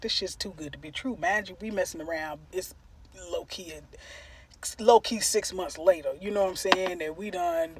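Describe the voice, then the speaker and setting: A woman vlogger telling a casual storytime while eating on camera, in an animated, profane and slangy way, breaking into loud cackles. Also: medium pitch, slightly rough.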